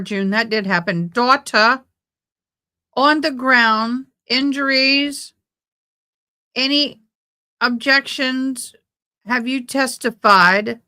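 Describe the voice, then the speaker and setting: Speaking slowly with long pauses, this woman has a fairly high, bright voice and a forceful tone. She's hosting a casual livestream that covers a trial, chatting with her audience and reading their comments out loud.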